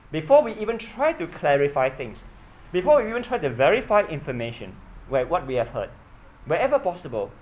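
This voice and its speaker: A man's voice: a little high, low-quality recording. A man preaching a sermon in an earnest way, often asking his listeners questions and repeating himself.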